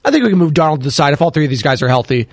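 A man hosting a sports talk show, chatting casually and jokily, shouting out callers and chat viewers. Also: on the high side, sing-song, rapid-fire, no echo. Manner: chatty, jokey, shouts out listeners. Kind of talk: casual sports radio chat, taking calls and chat.

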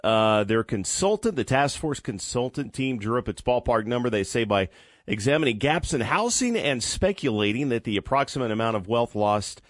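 A man's voice: medium pitch, animated, moderate pace, no room sound, clean studio sound. A man co-hosting a talk radio show, easygoing and teasing, sometimes reading news items. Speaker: radio co-host. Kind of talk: casual radio show banter.

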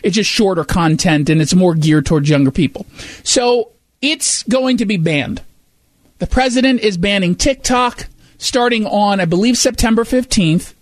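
A male talk show host with a very high voice, recorded bone-dry and close. He comments on the news in a sarcastic, mocking way and keeps a running commentary going. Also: moderate pace, dry recording.

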